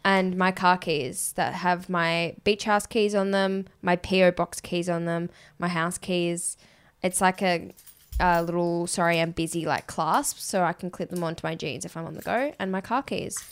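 A young Australian woman co-hosting a podcast in relaxed, chatty conversation, laughing easily. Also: on the low side, moderate pace, clean tone. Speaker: podcast co-host. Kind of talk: casual chat.

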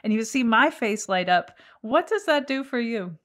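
A woman's voice: fairly high pitch, expressive, moderate pace, fairly bright tone. A woman interviewer who asks her questions in an effusive, chatty way. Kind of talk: interview conversation.

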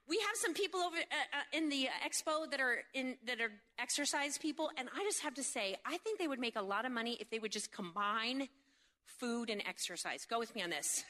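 Bright, high-voiced woman preaching with humor. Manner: animated, jokey storytelling with quick asides; seeks agreement with frequent rhetorical questions. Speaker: speaker at a faith event. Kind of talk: humorous sermon.

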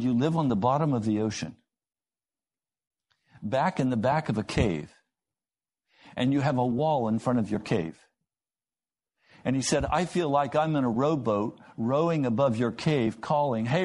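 A man preaching a sermon, telling stories and acting out the voices in them with lively rises in pitch. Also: a little slow, pauses often, slightly rough. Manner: storytelling, acting out quoted dialogue with rising pitch.

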